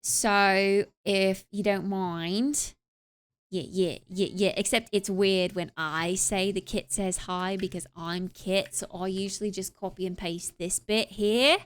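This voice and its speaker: A woman's voice: mid-range voice, fairly even intonation, slow pace, smooth. A young woman streamer wrapping up her live stream in casual, rambling chat, with lots of filler sounds and playful asides. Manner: playful, tries out accents.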